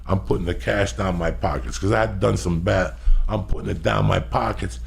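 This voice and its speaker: A middle-aged man hosting a podcast, telling stories loudly with lots of swearing. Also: sits low, normal speed, creaky, slight background noise. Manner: loud, profane and animated. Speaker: podcast host. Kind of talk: casual storytelling.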